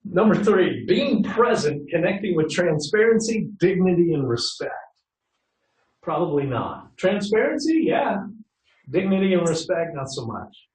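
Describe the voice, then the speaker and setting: A man's voice: high-pitched, sing-song, measured pace. Man leading a workshop, roomy and distant. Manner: conversational, asks the audience questions. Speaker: workshop leader. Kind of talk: customer service workshop talk. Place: training room. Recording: roomy echo from a distant mic.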